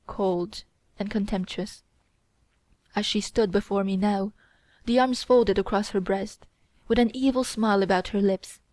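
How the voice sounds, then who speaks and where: Female audiobook narrator, steady measured read, dry booth sound. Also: mid-range voice, no echo. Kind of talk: scripted narration.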